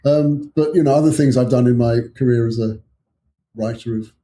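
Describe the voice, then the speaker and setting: Mellow-voiced older English man, rambling. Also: medium pitch, fairly quick, slight background noise. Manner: rambling anecdotal storyteller, chuckling asides. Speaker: author guest. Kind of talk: casual chat.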